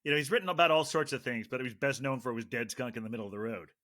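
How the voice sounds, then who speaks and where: Bright-voiced man with wry remarks. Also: medium pitch, expressive, rapid-fire. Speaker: podcast co-host. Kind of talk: casual chat.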